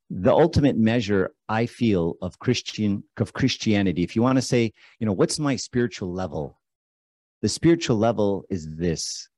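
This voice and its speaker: A man with a lowish, dark voice delivers a relaxed, conversational sermon and keeps putting questions to his listeners. The recording is dry.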